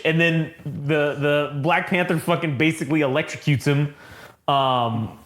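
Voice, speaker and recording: Young male co-host, higher-pitched, profane and excitable, casual comic review chat. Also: moderate pace. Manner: profane, excitable, acts out quotes. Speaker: comic book podcast co-host.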